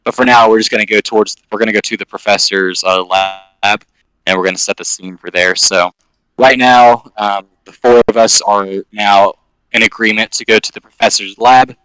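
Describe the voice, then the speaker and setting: A man narrates a tabletop game as its game master. His voice is bright and a little forceful, sitting on the low side, and it sounds dry and close. He rambles casually and fills the gaps with "um" and "like". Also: fairly even intonation, moderate pace, smooth, dry recording, poor audio.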